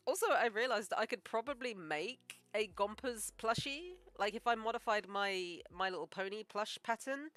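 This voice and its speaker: A woman animator chatting casually on a live stream while she draws, joking and thinking out loud. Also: medium pitch, no room sound. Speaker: animator streaming her work.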